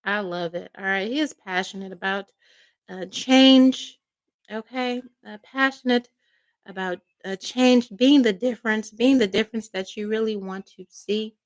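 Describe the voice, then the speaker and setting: A woman doing a tarot card reading as a psychic, emotional and emphatic, checking in with "all right?" and "okay?" again and again. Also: mid-range voice. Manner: emotional, fervent.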